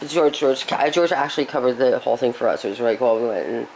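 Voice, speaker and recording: An interviewer chatting casually and asking quick follow-up questions. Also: medium pitch, darkish tone, a little hiss or hum, low-quality recording. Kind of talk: casual chat.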